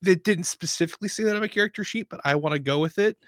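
A man's voice: sits high, racing, no room sound, clean studio sound. A man playing in a tabletop game, explaining his character in a rambling, self-amused way. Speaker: player. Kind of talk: casual chat during a tabletop game.

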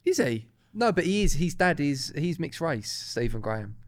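A man's voice: a little high, sing-song, normal speed. A young man co-hosting a podcast, chatty and hedging, swearing now and then in casual banter. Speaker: podcast co-host.

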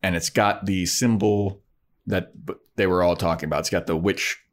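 A man in casual chat, recapping a TV episode and acting out the characters as he retells it. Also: moderate pace. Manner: animated retelling, voicing characters with pitch jumps. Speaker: podcast co-host recapping a TV episode.

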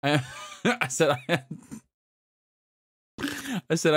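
A man from England chats on a gaming podcast. His voice sits in the middle of the range and the sound is dry and close. He tells stories in an animated way and laughs as he talks. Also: mid-range voice, slow, pauses often, no room sound. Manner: animated storytelling, quoting others, laughing. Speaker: podcast host. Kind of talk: casual chat.

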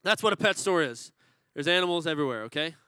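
Playful high-voiced male pastor. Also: expressive, fast talker, sharp tone, smooth, no echo, low-quality recording. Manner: playful, teasing the congregation. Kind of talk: sermon with a comic story.

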